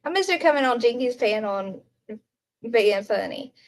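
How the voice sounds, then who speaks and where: A woman chats live with her viewers from home at night, giggling with them and talking to her pet. Her voice is on the high side with lively intonation, moving at a moderate pace.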